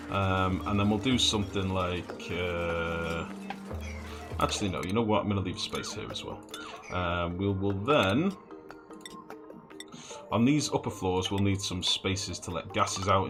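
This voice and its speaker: A man giving casual live commentary while playing a game, thinking aloud, swearing freely and chatting with his viewers. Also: deep voice. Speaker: gaming streamer. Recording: game music under the voice.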